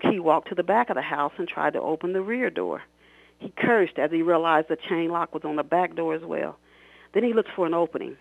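A man's voice: on the high side, vocal fry, no room sound. A man, an author, reading a scene from his novel aloud expressively on a radio talk show, then chatting about it. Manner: expressive, shouts characters' lines. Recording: tinny phone line, dry.

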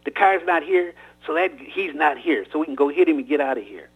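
Brash young robber, pushy and goading, husky, read by a man. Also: a little high, fairly quick. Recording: tinny phone-like radio line.

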